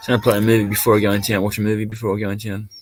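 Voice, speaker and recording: A man's voice: on the low side, completely flat delivery, rapid-fire. An Australian man chatting casually on a live stream, rambling and laid-back, swearing now and then.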